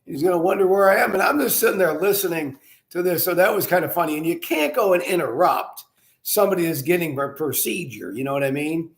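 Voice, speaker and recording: An older man hosts his own wine show, chatting loosely and circling back with fillers and false starts. His voice sits slightly high for a man. The sound is roomy, with a clear echo off the walls. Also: expressive, quick pace. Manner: rambling with many fillers and restarts. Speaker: winery owner and show host. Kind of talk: casual storytelling and wine tasting. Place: indoors at his winery.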